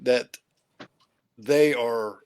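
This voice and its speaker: A man hosts a talk show in a folksy, meandering style, laughing often. His voice is mid-pitched. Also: very slow, clear, resonant tone. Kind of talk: casual interview chat.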